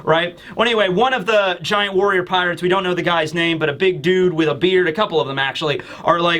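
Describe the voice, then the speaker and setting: A man's voice: high voice, fairly quick, hardly any pauses, a bit bright. A man reviewing a comic chapter in casual chat, rambling and thinking aloud with many fillers. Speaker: anime and manga reviewer.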